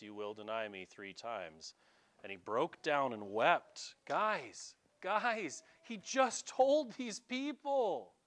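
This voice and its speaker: A man preaching a sermon, animated and acting out the voices he quotes, stumbling over quick restarts. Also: mid-range voice. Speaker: pastor.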